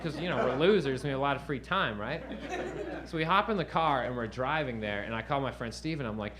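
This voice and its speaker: A man's voice: mid-range voice, animated, a little fast, fairly bright tone. A man doing stand-up, telling a rambling, profane story and asking the crowd "right?" over and over. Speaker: stand-up comedian. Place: comedy stage before a live audience. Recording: live room with audience laughter.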